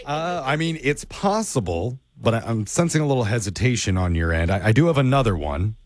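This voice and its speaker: A man hosting a morning radio show, making a prank call as a deadpan fake producer. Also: mid-range voice, a little fast, no room sound, clean studio sound.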